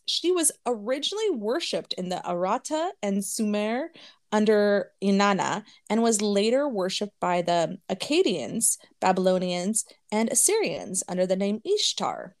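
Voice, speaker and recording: A woman's voice: medium pitch, very animated, measured pace. A woman co-hosting a podcast in casual chat, giggling often while she tells a story and reads her notes. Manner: giggly, chatty, lots of laughing. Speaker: podcast co-host.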